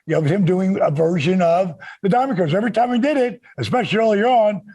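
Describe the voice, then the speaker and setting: A man with a gravelly, raspy voice telling stories in a casual chat and acting out what others said. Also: high voice, fast talker. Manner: animated, acts out quoted voices, many restarts. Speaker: guest. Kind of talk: casual storytelling.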